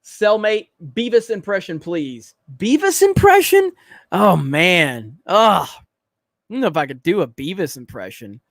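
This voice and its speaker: A man's voice: high voice, sing-song, measured pace, no echo. A man hosting a livestream, reading chat in a blunt, profane, joking way. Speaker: livestream host.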